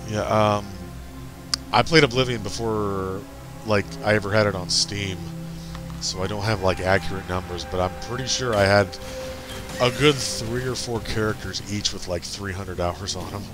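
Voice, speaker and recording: A man's voice: on the low side, fairly even intonation, normal speed. A man playing a game on a stream, rambling loosely in casual chat with some swearing, game music behind.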